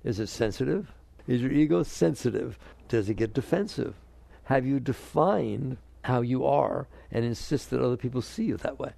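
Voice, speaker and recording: A man with a deeply gravelly, mellow voice gives a spiritual talk, his pitch rising and falling in lively swings. He keeps putting questions to his listeners and slips into the inner voices he describes. The sound is close and dry. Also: moderate pace, no echo. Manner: animated, asks the audience questions; acts out quoted inner voices. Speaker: spiritual teacher. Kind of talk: spiritual talk to a live audience.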